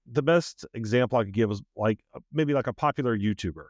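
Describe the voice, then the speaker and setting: A man co-hosting a podcast in casual chat, halting and searching for words with many fillers. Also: medium pitch, a little mellow, dry recording, muffled recording. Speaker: podcast co-host.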